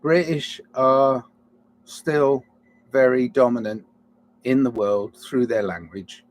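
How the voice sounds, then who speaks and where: This man delivers a wandering solo podcast monologue, breaking off mid-thought, shifting between quiet reflection and angry flare-ups, and then apologizing in self-deprecating asides. His voice is fairly low with a darkish tone, against slight background noise.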